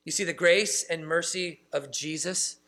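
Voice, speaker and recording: A male pastor delivers a sermon in a high, bright voice. He leans hard into key phrases, then drops to soft, low asides. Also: a little slow. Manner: emphatic, shifts between loud stresses and quiet asides. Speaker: pastor and church planter.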